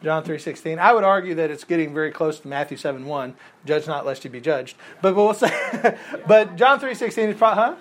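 A man's voice: high-pitched, animated, fairly quick, hardly any pauses, fairly bright tone. A man teaching a Bible class in a casual lecture, talking conversationally and quizzing the class with questions.

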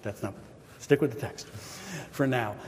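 A pastor giving a sermon, retelling the story in a casual, chatty way with quoted voices. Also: male voice, mid-range voice, unhurried, darkish tone. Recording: reverberant hall.

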